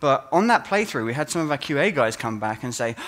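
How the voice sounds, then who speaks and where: A game designer gives a conference talk in a fast, mid-range voice. His storytelling is animated, and he acts out the way players reacted.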